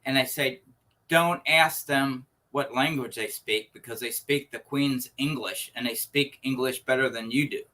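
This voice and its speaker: Bright-voiced chatty male host. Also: medium pitch, a little slow. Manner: chatty, laughs easily, tells anecdotes. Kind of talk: casual chat.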